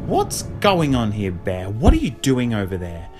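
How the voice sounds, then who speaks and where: A man voicing a jealous, possessive young girl in an audiobook, with a snapping, whiny, raised high voice. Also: huge pitch swings, measured pace, loud music behind the voice. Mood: angry.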